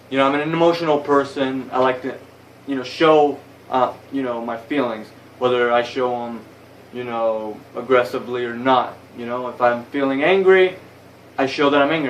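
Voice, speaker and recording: A man's voice: mid-range voice, a bit bright. A young man rambles through a story for his vlog, swearing constantly and getting heated as he talks. He sounds a bit distant from his phone, with a faint hiss behind him. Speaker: vlogger. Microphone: phone camera.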